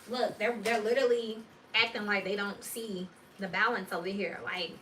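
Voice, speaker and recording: A woman's voice: mid-range voice, normal speed, slight background noise. Blunt, slangy woman reading tarot. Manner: blunt, slangy, swears freely; animated storyteller. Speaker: tarot reader. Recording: roomy echo, distant mic.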